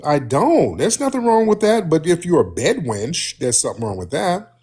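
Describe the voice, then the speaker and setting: A husky-voiced man hosts a casual live stream, his pitch bouncing all over as he teases and needles a caller. He is brash and confrontational, pressing his point without letup. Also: sing-song, moderate pace, a little mellow. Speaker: livestream host. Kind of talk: casual livestream chat.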